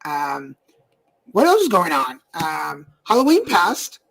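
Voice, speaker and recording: A co-host in a casual chat who speaks in short, relaxed remarks and invites viewers to comment. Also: mid-range voice, slow pace, vocal fry, low-quality recording.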